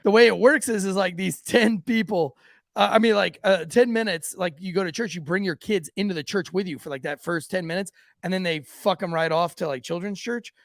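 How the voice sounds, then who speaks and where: A man's voice: sits high, brisk, creaky, no room sound, studio quality. A man hosting a podcast, telling profane, laughing stories from police work and acting out the people in them. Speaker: podcast host, police officer. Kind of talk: casual storytelling banter.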